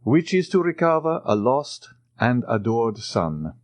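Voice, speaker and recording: A composed count speaks in a measured, assured tone, his pitch a little lifted and moving freely, as a male audiobook narrator voices him. The recording is close and dry. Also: very animated, no echo.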